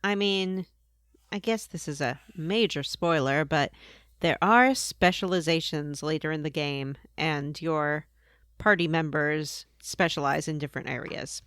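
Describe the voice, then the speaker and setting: A woman's voice: deep voice, a little slow, a bit bright, clear, resonant tone, no room sound. A woman co-hosting a casual gaming podcast, dry and teasing in a matter-of-fact way. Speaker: podcast co-host.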